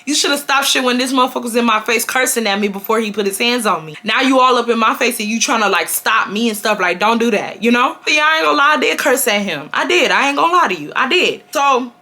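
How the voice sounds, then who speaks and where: A woman, telling a storytime vlog in a casual, animated way and acting out the quotes. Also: on the high side, quick pace, few pauses. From Houston, Texas. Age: 20s. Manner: animated, acts out quotes, swears freely. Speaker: storytime vlogger.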